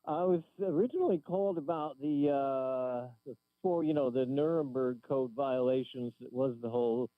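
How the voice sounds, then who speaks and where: A man's voice: medium pitch, normal speed, dry recording. A man calling in to a radio show, opinionated and blunt, rambling through his points. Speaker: caller. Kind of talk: casual call-in radio chat. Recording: tinny phone line.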